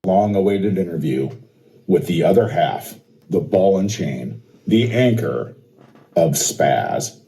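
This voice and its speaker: A man's voice: deep voice, animated, takes it slowly, warm tone, exaggerated voice, rough recording. A man in a parody sketch playing a snide TV interviewer who teases his guest with a sneering delivery. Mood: mocking. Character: mocking male TV interviewer, adult, snide.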